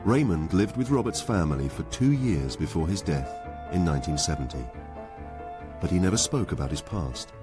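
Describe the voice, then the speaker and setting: A male documentary narrator with a very deep voice reads a scripted voice-over. His pitch moves expressively through each line. Music runs beneath him. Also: expressive, normal speed.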